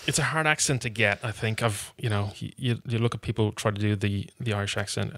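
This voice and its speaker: Low-voiced podcast host, dry sound. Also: male voice, fairly even intonation, a little fast, fairly bright tone, no room sound. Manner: agreeable, with short affirmations. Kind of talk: casual interview chat.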